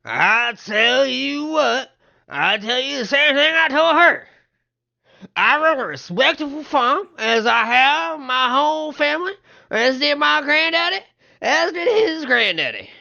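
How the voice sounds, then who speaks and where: A man's voice: very high voice, sing-song, measured pace, creaky, sharp tone, lo-fi sound, voice pushed up, full character voice. A man voicing a proud, hostile middle-aged rural farmer who drawls threats in folksy grammar.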